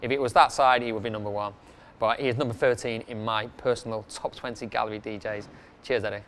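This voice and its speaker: A man's voice: fairly low pitch, steady tone, fast talker, heavy background noise. A man counting down his favourite club DJs in a casual, rambling way, with many fillers and restarts.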